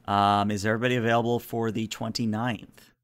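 A man's voice: lowish voice, flat delivery, brisk. A man running a tabletop game stream as game master, talking casually and rambling with lots of ums.

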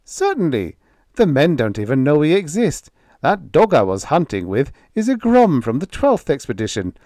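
A man's voice: a little high, huge pitch swings, normal speed, mellow, no room sound, studio quality, pitched above the performer's own voice. A man voicing a carefree male alien shapeshifter in the form of a dog, easygoing and cheerful.

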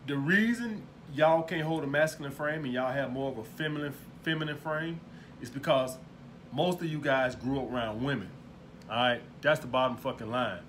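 A man's voice: mid-range voice, normal speed, fairly bright tone, a little hiss or hum. A man coaching viewers in a casual monologue, talking bluntly with plenty of swearing and asking "all right?" again and again. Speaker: dating and lifestyle coach.

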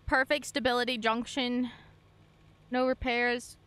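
A young woman chats through a game stream in a high, bright voice. She talks slowly, with bubbly, excitable bursts aimed at her chat. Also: clean tone. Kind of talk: gameplay commentary.

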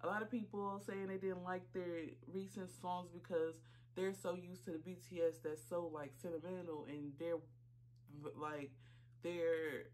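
A woman reaction vlogger, talking casually while choked up and tearful, halting with many fillers and apologies. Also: on the low side, slight background noise. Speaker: YouTube reaction channel host. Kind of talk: casual reaction vlog talk.

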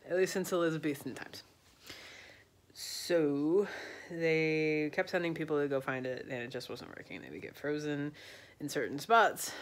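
A tipsy woman telling a history story in a rambling, slangy, loose way. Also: sits low. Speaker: vlogger.

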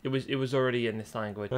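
A man's voice: medium pitch, smooth. A young British man doing a sarcastic, swearing tech review vlog at home. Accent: British English. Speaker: YouTuber. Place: home, in front of a TV.

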